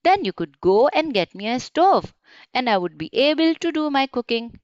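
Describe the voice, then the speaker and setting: A woman's voice: sits high, very animated, normal speed, no echo, dull audio. A woman voicing a sad male dragon in a children's storybook, speaking in a plaintive, reasoning way. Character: sad grumbling male dragon who cooks with fire.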